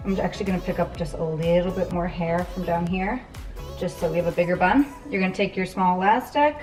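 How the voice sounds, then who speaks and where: Chatty young woman giving hair tips. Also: mid-range voice. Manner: chatty, with fillers and asides. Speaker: beauty vlogger. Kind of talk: casual hair tutorial.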